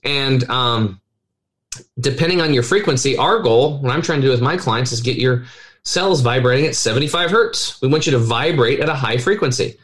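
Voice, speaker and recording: A middle-aged man, a health coach, talking in a casual podcast interview with animated, persuasive storytelling. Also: mid-range voice, moderate pace.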